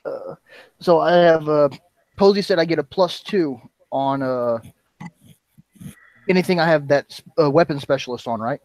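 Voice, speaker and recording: A man's voice: a little high, normal speed, pauses often, a little mellow, dry recording. A young man playing a tabletop game, hesitant at first, then describing his moves vividly. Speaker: player.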